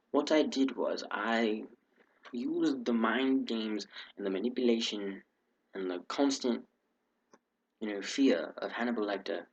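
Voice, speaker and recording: A man's voice: fairly low pitch, husky, poor audio. A man vlogging casually in a put-on British accent, rambling with restarts and fillers. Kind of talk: casual vlog update.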